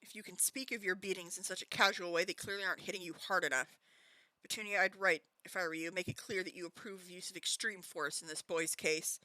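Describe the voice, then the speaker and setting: A woman voicing a blustering, bullying middle-aged aunt in a put-on British accent, booming and barking her lines. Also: fairly even intonation, fast talker, pushed and bright, no echo, low-quality recording. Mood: scornful.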